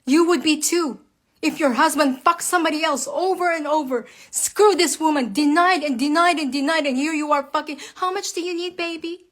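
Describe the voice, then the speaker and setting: Woman, high voice, super angry, swearing a lot, ranting straight at her followers. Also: normal speed, fairly bright tone. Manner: heated, profane, emphatic, addresses viewers as guys. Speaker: wife speaking out online. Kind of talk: angry personal rant to camera.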